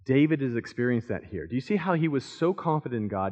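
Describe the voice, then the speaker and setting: A man's voice: mid-range voice, very animated, quick pace, hardly any pauses, a little mellow. A man teaching from the Bible in a sermon style, earnest and emphatic, voicing the psalmist's pleas in first person. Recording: muffled lo-fi recording.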